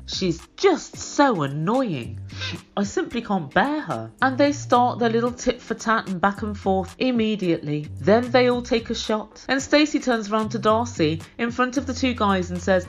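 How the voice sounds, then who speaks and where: A woman's voice: mid-range voice, expressive, normal speed, soft background music. A woman with a British accent hosting a reality TV recap in blunt, scathing, exasperated solo commentary.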